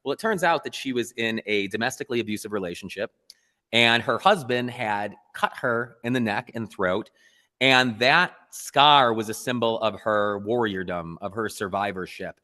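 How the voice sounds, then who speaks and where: Earnest low-voiced man in a reverberant room. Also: moderate pace. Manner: earnest, animated storytelling. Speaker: photographer interview guest. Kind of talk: casual interview talk.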